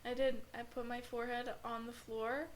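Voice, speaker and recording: Woman, slightly high voice, earnest, halting, lots of fillers, faint background noise. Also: flat delivery. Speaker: podcast guest. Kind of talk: emotional personal storytelling.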